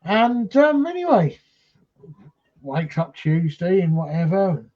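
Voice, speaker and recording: A man's voice: high-pitched, sing-song, slow, muffled recording. A man, a paranormal investigator, telling a rambling first-hand story on a live stream, full of fillers and restarts.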